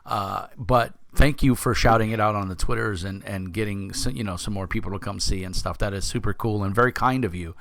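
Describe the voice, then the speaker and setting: A low-voiced older man with a Brooklyn accent, talking loose and profane in a rambling, joking way. He hosts a casual chat over a video call, and the sound is dry and close. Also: a little fast, creaky, few pauses, a bit bright, no echo. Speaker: podcast host.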